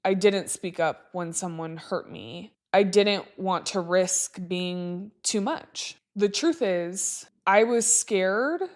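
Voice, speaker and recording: A young woman hosting a podcast, candidly telling reflective personal stories with frequent "like" fillers. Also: medium pitch. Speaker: podcast host.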